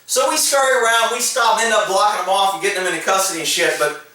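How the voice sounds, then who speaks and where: A man's voice: sits high, fast, pushed and bright, heavy reverb, recorded from a distance, slight background noise, poor audio. A man, a former police officer, telling his stories in a casual, laughing, profane way. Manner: laughs often, swears freely, acts out quotes. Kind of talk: casual storytelling to camera.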